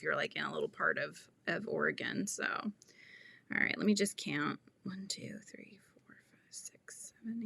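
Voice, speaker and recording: A woman in her thirties chats through a crochet tutorial, rambling between topics and laughing easily. Her voice is bright and forceful with a gravelly fry. It is recorded close and dry, with no room sound. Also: mid-range voice, dry recording. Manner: chatty, rambling, laughs often, reads viewer comments. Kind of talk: casual livestream chat while crocheting.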